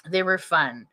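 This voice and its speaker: Giving a live-streamed mediumship reading from home, a chatty psychic rambles and thinks aloud, restarting often. Her voice is on the low side, a bit bright with a breathy edge, picked up by a webcam or computer mic.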